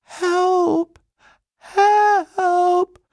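A man voicing a small, polite young bear in a storybook reading, meek and high-pitched. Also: sing-song, measured pace, mellow, husky, no echo, clean studio sound. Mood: frightened.

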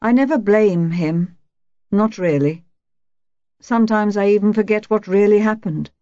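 A woman voicing a nervous, bitter young wife who speaks in a hoarse, soft voice and breaks out shrilly at times. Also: mid-range voice, unhurried, dry recording, highs cut off, voice pushed up, lightly acted. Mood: self-loathing. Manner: quavering, bursts out shrilly. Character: anxious battered wife, woman, bitter and self-mocking.

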